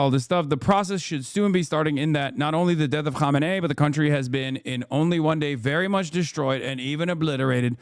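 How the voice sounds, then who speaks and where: A man's voice: on the high side, clean tone, dry recording. A man in his thirties doing live political commentary as a streamer, sarcastic and profane, ranting on a close mic.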